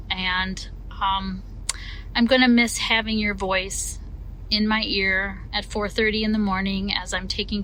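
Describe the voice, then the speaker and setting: A woman's voice: mid-range voice, pushed and bright, slight background noise, low-quality recording. A woman dairy farmer from Wisconsin leaving an upbeat, chatty voicemail tribute.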